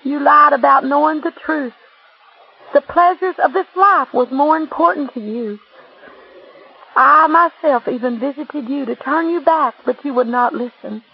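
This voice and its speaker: A woman voicing Jesus as a grave, sorrowful male judge, read in a solemn, measured way. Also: high-pitched, gravelly. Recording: dull lo-fi recording.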